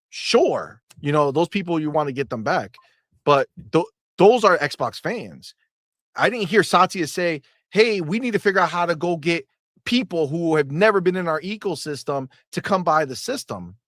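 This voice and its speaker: Fired-up guy ranting on his stream, cusses a lot, voice jumps all over, kinda high, dry close mic. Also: dry recording. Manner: animated, profane, mocking. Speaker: livestream host. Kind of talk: casual livestream talk.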